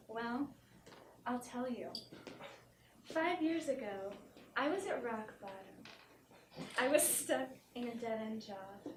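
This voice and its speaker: A young woman comedian performs a mock-earnest parody of a self-help talk, giggling between lines. Her voice is a little high, slow and full of pauses. She sounds distant in a noisy, echoey theater with audience laughter.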